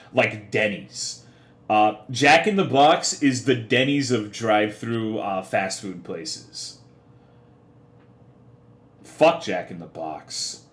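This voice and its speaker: A young man livestreaming, chatting casually with his chat in profane, rambling, half-joking rants. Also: medium pitch. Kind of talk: casual live-stream chat. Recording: echoey room.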